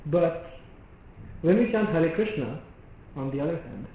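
A man delivers a devotional lecture, explaining step by step and pausing on rhetorical questions. His voice rings through a very echoey hall. The sound is thin and phone-like, with a faint hiss of ambience behind it. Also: on the high side, expressive. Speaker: preacher.

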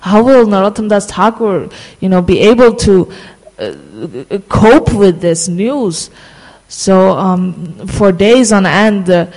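A casual storyteller recounting a sacred tale, pausing on fillers and stretching out key phrases. The voice sits at a middling pitch. A long reverb trails behind every word. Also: animated, darkish tone. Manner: halting, many fillers and restarts, slows for emphasis.

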